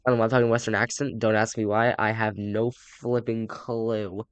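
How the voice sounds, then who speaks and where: A man's voice: fairly low pitch, flat delivery, a little fast, smooth, no echo, lo-fi sound. Chatty young male gaming YouTuber. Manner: chatty and rambling, with upbeat sign-offs. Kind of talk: casual let's play commentary and game text reading.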